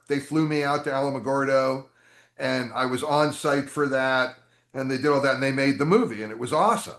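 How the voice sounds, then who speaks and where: A man telling long stories as an interview guest, chatty and animated, with many asides. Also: a little high. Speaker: interview guest, game designer. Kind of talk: storytelling interview answers. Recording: roomy echo.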